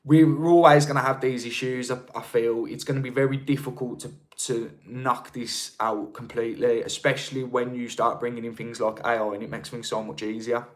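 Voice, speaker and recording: A man's voice: medium pitch, steady tone, moderate pace, hardly any pauses. A man with a Birmingham accent, chatting casually on a live stream and answering viewer comments. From England. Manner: chatty, rambling, with frequent restarts. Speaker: livestream host.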